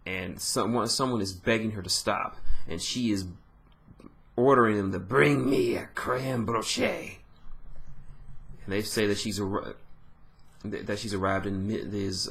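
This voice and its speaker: A man's voice: lowish voice, gravelly, fairly bright tone. A man giving an informal, rambling recap of a manga chapter, often correcting himself.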